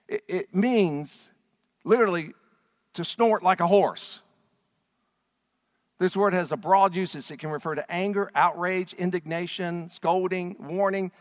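A man preaching a sermon, swinging from hushed, low lines to loud, shouted ones. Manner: dramatic swings from quiet to shouting. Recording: long hall reverb.

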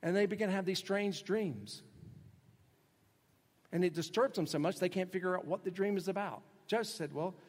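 Man preaching in an echoing hall. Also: normal speed. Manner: conversational, shifts between loud emphasis and soft low asides. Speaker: pastor. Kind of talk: sermon. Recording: long reverb of a large hall.

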